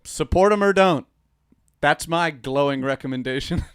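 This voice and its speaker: A man co-hosting a casual podcast, joking around with friends and breaking into loud outbursts. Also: on the high side, normal speed, clean tone. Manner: animated, bursts into loud outbursts and mock voices. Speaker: podcast co-host.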